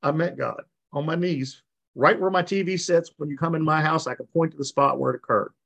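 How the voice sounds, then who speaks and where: A man's voice: on the high side, fairly quick, creaky, fairly bright tone. Guy on a video call telling his recovery story, folksy, does the voices of folks he quotes. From West Virginia. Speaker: recovery meeting speaker. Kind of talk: personal testimony.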